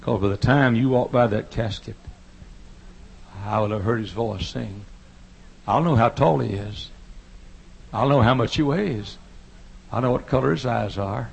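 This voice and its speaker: A man's voice: medium pitch, a little slow, creaky, pauses often, slightly rough. A male pastor preaching a fervent revival sermon, folksy and humorous, building to impassioned pleading.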